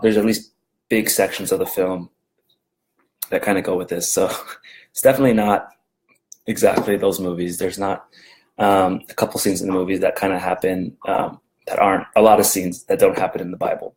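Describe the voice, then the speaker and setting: Casual, rambling man with a lowish voice. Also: a little mellow, poor audio. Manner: rambling, conversational, frequent fillers and restarts. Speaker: devotional video host. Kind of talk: casual devotional talk. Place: at home.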